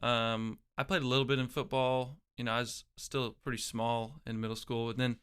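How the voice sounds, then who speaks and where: A man's voice: mid-range voice, level tone, normal speed, a bit bright, clear, resonant tone. A young man, a guest in an interview, telling his own story in a reflective way and often restarting his phrases. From Oklahoma, USA. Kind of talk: casual personal storytelling.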